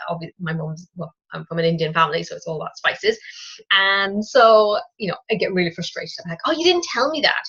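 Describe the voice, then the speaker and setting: A woman in her thirties hosting a solo business podcast, talking straight to the listener in a chatty, lively way. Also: on the low side, breathy edge. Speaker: podcast host. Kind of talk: casual solo business talk. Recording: dull lo-fi recording.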